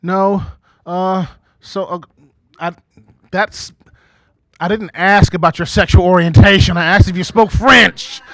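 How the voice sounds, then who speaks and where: A man's voice: high voice, fairly even intonation, unhurried, long pauses, a bit bright, dry recording. A man over forty doing a stand-up comedy set as emcee, talking conversationally with frequent "okay?" asides and acting out quoted voices. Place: small community TV studio stage before a live audience.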